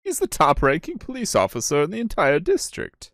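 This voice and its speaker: A man's voice: a little high, huge pitch swings, fairly quick, a bit bright, no echo, pitched above the performer's own voice, heavily acted. A man voicing an eager, incredulous young woman in a fan dub of a courtroom game.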